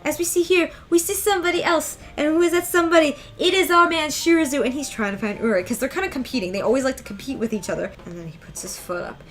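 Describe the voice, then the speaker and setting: A woman giving an excitable, emphatic, slangy casual breakdown of a manga chapter as a reviewer. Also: high voice, fast, few pauses.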